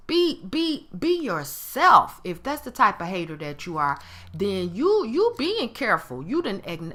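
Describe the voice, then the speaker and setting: A woman's voice: mid-range voice, sharp tone. A woman giving a motivational talk to camera, emphatic and given to acting out other people's tones. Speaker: motivational speaker.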